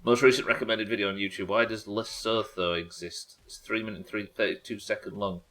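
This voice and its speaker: Bright-voiced British man streaming a game. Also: lowish voice, steady tone, fairly quick. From United Kingdom. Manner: rambling, swears a lot, chats with viewers. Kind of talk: live game commentary.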